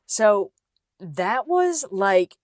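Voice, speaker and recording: A woman's voice: mid-range voice, sing-song, extremely slow, dry recording, clean studio sound. A woman hosting a casual solo podcast, talking chattily with lots of fillers and restarts. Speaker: podcast host, physical therapist.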